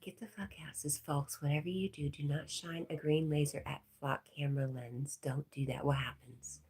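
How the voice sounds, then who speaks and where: A woman with a low, husky voice hosts a relaxed livestream. She reads viewers' comments out loud and answers them in an easy, chatty way, laughing often. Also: normal speed. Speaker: livestream host. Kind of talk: casual livestream chat.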